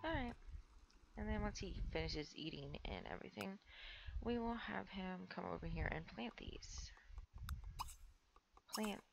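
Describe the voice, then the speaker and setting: A woman's voice: medium pitch, unhurried, vocal fry, long pauses, dull audio, over music. Stuffy-nosed young woman narrating gameplay. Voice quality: rambling, filler-heavy, talks to the game characters. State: stuffy nose. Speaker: gameplay streamer. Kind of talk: casual let's play commentary.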